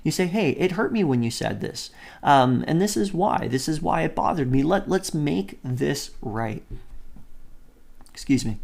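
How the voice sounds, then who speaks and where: Gravelly-voiced man giving a casual sermon. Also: on the high side, animated, measured pace, darkish tone. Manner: informal, keeps asking "right?", chuckles between points. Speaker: preacher. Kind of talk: conversational sermon.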